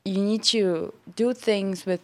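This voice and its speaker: A woman's voice: medium pitch, slow pace, a little mellow, dry recording. A woman, a guest and former athlete, speaking thoughtfully and searching for her words. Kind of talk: casual chat.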